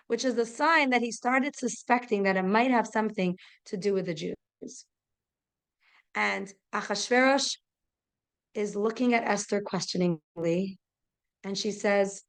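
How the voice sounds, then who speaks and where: Young female Torah teacher, slightly high voice, animated storyteller who acts out dialogue. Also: unhurried. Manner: lively storytelling, acting out dialogue with raised pitch. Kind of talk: storytelling lesson.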